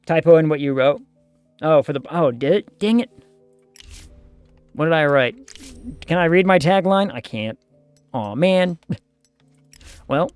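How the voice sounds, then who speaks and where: A man with a slightly high voice chats his way through a game stream, thinking out loud and joking with his viewers. He sits close to the mic, and the sound is dry with no room echo. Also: lively intonation, a little slow, pauses often, smooth, faint music behind. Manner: chatty, thinks aloud, jokes with chat. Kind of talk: casual game commentary.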